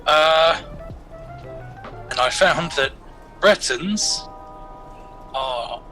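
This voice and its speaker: A man's voice: on the high side, lively intonation, drawn-out words, sharp tone, soft background music, low-quality recording. A man chatting casually on a voice call with his gaming group, rambling with plenty of fillers and restarts. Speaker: player in a group game stream.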